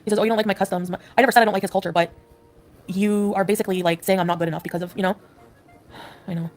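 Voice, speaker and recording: A woman's voice: mid-range voice, steady tone, racing. A woman talking in a casual live chat, upset and rambling with lots of "like"s. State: distressed. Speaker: livestreamer.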